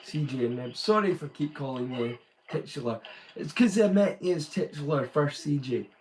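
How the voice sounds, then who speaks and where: A man's voice: fairly high pitch, expressive, moderate pace, darkish tone. A man with a Scottish accent, hosting a casual live stream and speaking reflectively and directly to his chat viewers. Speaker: streamer host.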